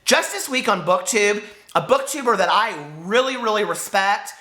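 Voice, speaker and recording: A man in his forties with a high, squeaky voice, speaking in an impassioned, hurt vlog rant and swearing as he talks to the camera. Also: lively intonation, moderate pace, sharp tone, echoey room. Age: 40s. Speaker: book vlogger.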